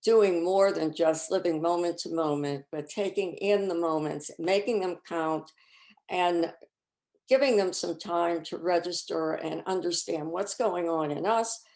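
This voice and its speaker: A woman presenting a reflective faith talk over a video call, measured and searching for words. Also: lowish voice, darkish tone. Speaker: retreat presenter.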